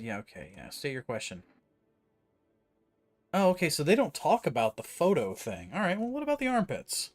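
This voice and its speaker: A man's voice: fairly high pitch, big pitch swings, brisk. A man streaming a game, commenting casually and rambling with fillers as he plays. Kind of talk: live gameplay commentary.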